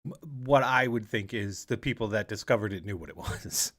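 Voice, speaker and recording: A man's voice: lowish voice, fairly quick, fairly bright tone. An American man co-hosting a podcast, rambling through a casual conspiracy chat with jokey asides. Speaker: podcast co-host.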